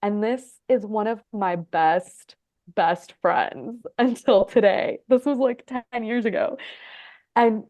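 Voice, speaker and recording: A woman in her thirties from Egypt and Texas, telling her story as a podcast guest in a chatty way, full of "like" and quick laughs. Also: medium pitch, a little mellow, dry recording. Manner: chatty, lots of "like", laughs often. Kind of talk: casual storytelling interview.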